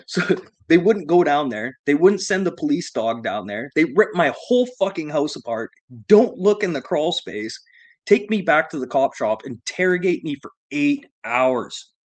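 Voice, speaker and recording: A man casually telling a profane story, laughing and animated as he retells it. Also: on the high side, moderate pace, dry recording.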